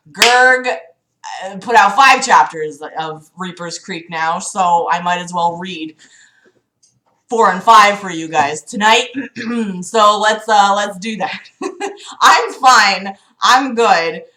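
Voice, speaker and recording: A woman's voice: medium pitch, sharp tone. Chatty young woman on a livestream. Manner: chatty, profane, fretful and giggly. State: slight cough. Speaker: livestream host reading a friend's book. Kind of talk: casual livestream chat and reading aloud. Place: room at home. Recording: echoey home room.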